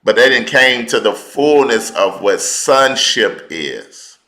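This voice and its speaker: A man preaching a teaching sermon, slow and deliberate, repeating key words for emphasis in informal, colloquial speech. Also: medium pitch, animated, sharp tone, echoey room, poor audio.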